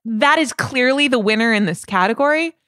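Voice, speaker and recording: A woman's voice: on the high side, lively intonation, brisk, bright, forceful tone, smooth, no echo, clean studio sound. A woman co-hosting a podcast in casual chat, joking and posing questions to her partner. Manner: chatty, joking, poses questions. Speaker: podcast co-host.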